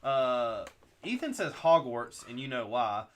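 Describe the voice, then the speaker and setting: A man co-hosting a casual building live stream, reading viewer comments aloud and bantering in a relaxed way. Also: medium pitch, a little slow, very noisy.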